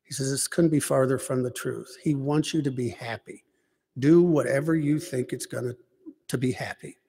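A man giving a rambling personal faith testimony, halting with many restarts and asides. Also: mid-range voice, steady tone, creaky, warm tone, slightly rough, big-room sound. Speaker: lay speaker giving personal witness.

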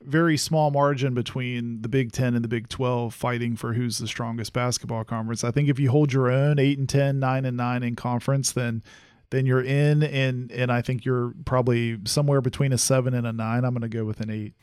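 Rambling man with a smooth voice. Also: mid-range voice, fairly even intonation, brisk, darkish tone, dry recording, studio quality. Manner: rambling, full of fillers and restarts. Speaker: podcast co-host. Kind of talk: casual sports chat.

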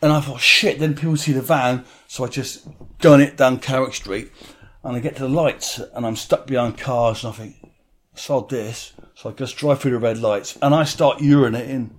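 A man's voice: medium pitch, steady tone, brisk, darkish tone. A man telling a vivid personal story in an interview, blunt and swearing freely.

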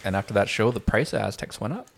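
A man's voice: fairly low pitch, lively intonation, fast talker, creaky. A man chatting on a podcast with a dry, teasing manner. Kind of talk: casual chat.

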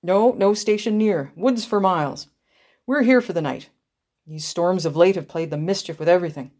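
A woman reading aloud, voicing a brisk, matter-of-fact male train conductor in a raised voice. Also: fairly low pitch, a little mellow, lightly acted.

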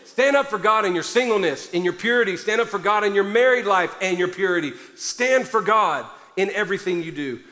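A man preaching a sermon with a high, bright, forceful voice, hammering each point with fervent emphasis. His voice rings through a large church hall with a long reverb trail. He sounds a little out of breath as he pushes on. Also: expressive, fairly quick, few pauses. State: somewhat out of breath. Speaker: pastor.

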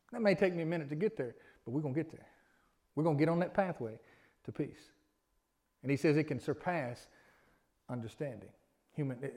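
Preacher guy, middle-aged, kinda high voice, chatty folksy sermon, asks the crowd to answer back. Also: darkish tone. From Alabama, US. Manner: folksy, conversational preaching with audience call-and-response. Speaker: pastor.

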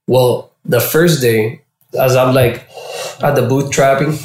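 A man telling a story as an interview guest, casual and animated, swearing and acting out what others said. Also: medium pitch, slow. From Florida. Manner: animated, swearing, acts out quoted voices. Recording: echoey room.

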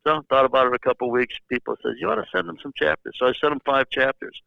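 A man's voice: mid-range voice, quick pace, gravelly, no room sound. An older man, a former baseball executive, telling long anecdotes in a rambling way with many fillers and restarts. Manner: rambling storyteller who repeats words and uses many fillers. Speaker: interview guest, former baseball general manager. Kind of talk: casual anecdotal storytelling. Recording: slightly dull lo-fi sound.

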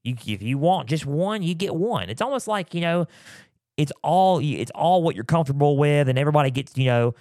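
Male sports podcast host, mid-pitch, dry close sound, rambly delivery full of fillers, scratchy throat. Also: animated, a little fast, a little mellow, no room sound. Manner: rambling, repeats himself with many fillers. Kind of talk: casual sports talk. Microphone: close mic, sometimes turning away.

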